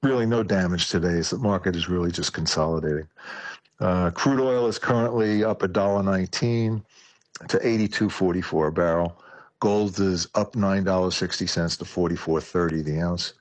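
A man's voice: low voice, moderate pace, no room sound. A man, working as a financial advisor, giving a market report over a remote line and using many fillers.

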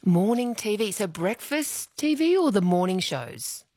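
Lively Australian talkback host woman. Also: medium pitch, a little slow, no room sound. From Queensland, Australia. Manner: chatty, teasing, laughs easily. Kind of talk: casual radio talkback.

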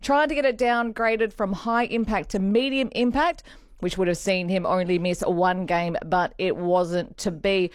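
A woman's voice: medium pitch, steady tone, a little slow, no room sound, studio quality. A woman with an Australian accent hosting a sports radio show, bubbly and chatty. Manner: bubbly, chatty, laughs while talking. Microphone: studio microphone.

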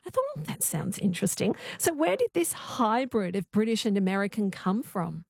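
A woman's voice: medium pitch, sing-song, normal speed, gravelly, a little mellow, slightly rough, no echo, clean studio sound. A woman hosting late-night radio, chatty and conversational, with the odd filler. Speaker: radio host. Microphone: studio microphone.

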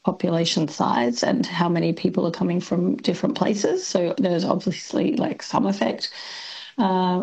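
An Australian woman speaks as a radio guest, unhurried and explanatory. Her voice is slightly low, with gravelly fry and a husky edge. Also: a little mellow, low-quality recording. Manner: measured, explanatory, frequent um fillers. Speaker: linguist guest. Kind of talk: radio talk.

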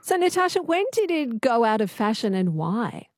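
A woman's voice: fairly high pitch, sing-song, moderate pace, a little mellow, dry recording, clean studio sound. A woman radio host who reads out listener messages and interviews a guest in a conversational way. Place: radio studio.

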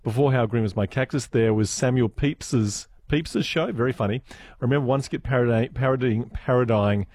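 A man with an Australian accent hosting a radio show, chatting and reminiscing, quick to laugh. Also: medium pitch, darkish tone. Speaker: radio host. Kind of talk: casual radio chat. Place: radio studio. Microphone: close studio mic.

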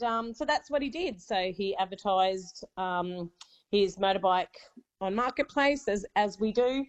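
Australian woman in her forties, radio caller, rambling and chatty, muffled line. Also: on the low side. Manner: chatty, many fillers, becomes emotional. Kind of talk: telling a personal story on radio.

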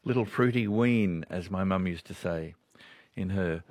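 An older Australian man hosting a radio talkback show, chatting warmly and laughing often between folksy stories. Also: low voice, a little slow, no room sound, studio quality. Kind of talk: casual talkback radio chat.

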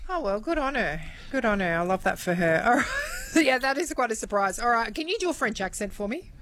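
A woman co-hosting a casual chat show, chatty and quick to laugh. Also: fairly high pitch, very animated, a bit bright, a little hiss or hum. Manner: chatty, laughs easily, storytelling. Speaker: radio co-host.

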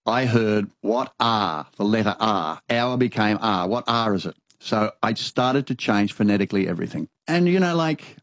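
An older man with an Australian accent spins his stories in a lowish voice and slips into other people's voices as he goes. The sound is dry and close. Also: normal speed, hardly any pauses, dry recording. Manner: animated anecdotal storyteller, acts out dialogue. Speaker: interviewee. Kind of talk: storytelling conversation.

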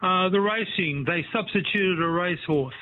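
A man's voice: high-pitched, normal speed, slight background noise. A man calling in to a radio quiz, answering politely and thoughtfully over the phone. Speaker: caller. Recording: tinny phone line.

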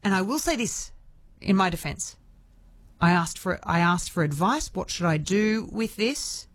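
A woman's voice: mid-range voice, lively intonation, unhurried. A woman hosting a local radio show, chatty and self-deprecating, laughing easily. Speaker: radio host. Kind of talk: casual radio chat.

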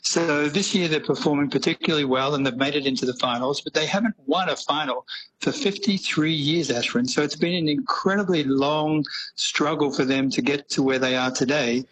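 A man's voice: on the high side, normal speed, fairly bright tone, breathy edge, low-quality recording. A man reporting live into a radio show, upbeat and full of fillers. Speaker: radio correspondent.

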